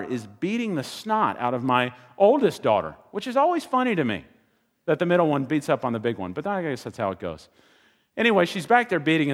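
A man in his thirties preaching a sermon, telling lively stories and getting loud when he makes a point. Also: mid-range voice. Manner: animated storytelling, rising to loud exclaiming. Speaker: pastor. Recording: long hall reverb.

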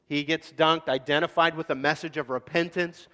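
A man preaching a sermon in a casual, animated way, acting out scenes. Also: a little high, moderate pace, long reverb tail. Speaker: pastor.

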